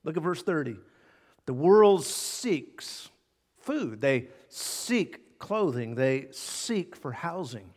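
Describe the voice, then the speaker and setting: A man preaching a sermon as pastor, emphatic, repeating key words and swinging between loud and hushed. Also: fairly high pitch, very animated, slow. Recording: long hall reverb.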